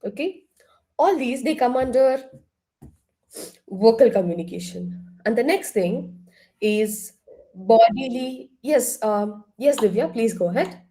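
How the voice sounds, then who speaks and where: A woman leading an online counseling workshop, asking the group questions and now and then clearing her throat. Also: a little high, lively intonation, measured pace, warm tone. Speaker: workshop trainer. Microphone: laptop far across the room.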